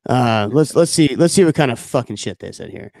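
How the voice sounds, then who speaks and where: Dude on a podcast mic hamming up macho jokes, cussing a lot, dead dry sound. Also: male voice, medium pitch, lively intonation, brisk, vocal fry, darkish tone, no room sound. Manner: swaggering, profane, jokey. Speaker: podcast co-host. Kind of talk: casual crude banter, mock-macho segment.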